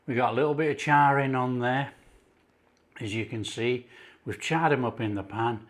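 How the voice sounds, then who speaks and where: A middle-aged man with a Yorkshire accent hosting a casual cooking video, enthusiastic and unhurried, praising the food as he goes. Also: mid-range voice. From Yorkshire, England. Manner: enthusiastic, unhurried, calls things superb. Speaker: cooking channel host.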